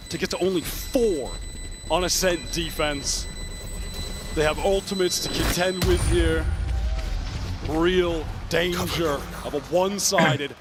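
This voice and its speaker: A man giving live esports commentary, measured and analytical as he calls the action. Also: on the high side, background noise. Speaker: esports play-by-play caster.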